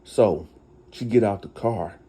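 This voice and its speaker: A man's voice: fairly low pitch, measured pace, warm tone, husky. A man hosting a casual storytime retelling, chatty and talking straight to his listeners. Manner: chatty, addresses listeners directly. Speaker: storyteller host.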